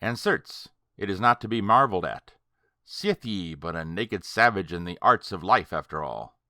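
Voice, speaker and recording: A man's voice: deep voice, animated, normal speed, bright, forceful tone, dry recording, studio quality, heavily acted. A man voicing a scornful, raving ancient male sorcerer in an audiobook, with archaic speech. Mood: mocking. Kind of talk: audiobook character reading.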